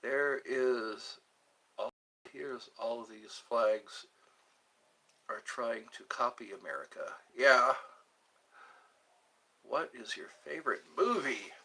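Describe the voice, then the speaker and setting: A man's voice: mid-range voice, takes it slowly, long pauses, pushed and bright. A man hosting a live stream, chatting casually and rambling between musings and viewer comments.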